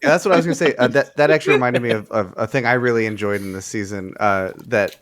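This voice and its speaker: A man with a middle-pitched voice speaks haltingly in a group chat. He repeats words and stalls while finding his thoughts, then pushes on. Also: background noise.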